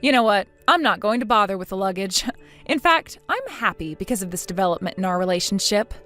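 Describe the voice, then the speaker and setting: A woman's voice: mid-range voice, animated, fairly quick, sharp tone, faint music behind. A synthetic woman's voice playing a defiant young daughter-in-law in a text-chat story, sarcastic and dismissive.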